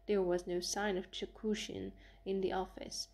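A woman narrating an audiobook in an even, measured reading. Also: medium pitch. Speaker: audiobook reader.

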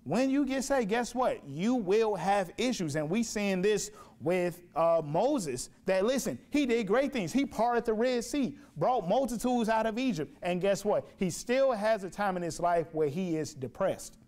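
Male preacher, sermon, high voice, emphatic, repeats himself, rhetorical questions. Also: lively intonation, unhurried, hardly any pauses, darkish tone. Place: church sanctuary.

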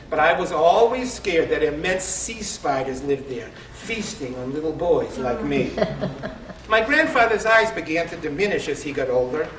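A man in his sixties telling a comic family story at a live reading, with a wry, punchline-driven delivery and a rather high voice. He is heard from a distance in an echoing room with faint background noise. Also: fairly bright tone. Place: live event in a store showroom. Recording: echoey room, distant mic.

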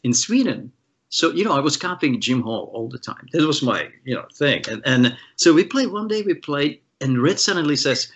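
A man from the Czech Republic, a guest guitarist, telling animated stories in an interview and acting out the voices of the people he quotes, with many restarts. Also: a little high, moderate pace, slightly rough, lo-fi sound. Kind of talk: storytelling in an interview.

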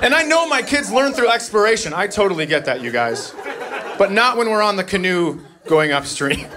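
A man in his thirties doing a stand-up comedy set on a club stage, deadpan and exasperated, jumping into shrill voices for his family. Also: normal speed. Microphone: handheld stage mic. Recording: live club recording with loud audience. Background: crowd laughter and room noise.

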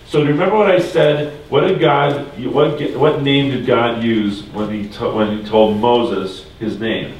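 A man's voice: medium pitch, fairly even intonation, a little slow, few pauses, a little hiss or hum. A man teaching a Bible lesson to a class in a church room, talking casually and quizzing the group with questions. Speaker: religion teacher. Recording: echoey room from far off.

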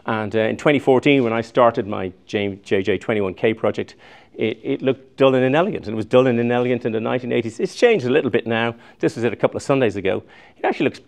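A man's voice: medium pitch, fast, creaky. A man in his sixties giving a chatty, digressive public lecture, often restarting his sentences. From Ireland. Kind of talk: recorded public lecture with slides.

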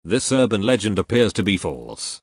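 A man's voice: lowish voice, very animated, moderate pace, a little hiss or hum. A man dubbing short comedy sketches, speaking every line in a stiff, overly wordy, formal way. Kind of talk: comedic dub of cartoon sketches.

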